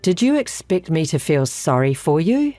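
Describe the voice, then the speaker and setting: A woman's voice: sits low, sing-song, normal speed, dark tone, no echo, faint music behind. A woman voicing a cool, sarcastic adult woman who was wronged, in a texting-story voice-over. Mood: cold sarcastic. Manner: sarcastic, unbothered.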